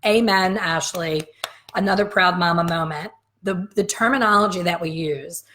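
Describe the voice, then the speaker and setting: A woman's voice: lowish voice, normal speed, a bit bright, slight background noise. A woman in her fifties, a hair color educator giving a frank, emphatic live coffee-chat lesson straight to her viewers.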